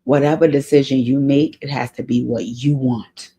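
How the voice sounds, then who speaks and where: A woman's voice: extremely low pitch, fairly even intonation, moderate pace, warm tone, breathy edge. A woman hosting an advice vlog, talking earnestly to a letter writer, often repeating her key phrases and getting emotional. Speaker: advice show host.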